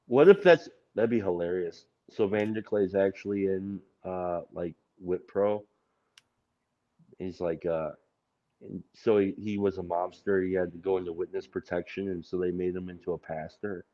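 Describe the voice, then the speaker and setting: A man's voice: low voice, normal speed. A man co-hosting a livestream, chatting casually in a joking, rambling way. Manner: joking, rambling, laughs often. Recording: muffled lo-fi audio.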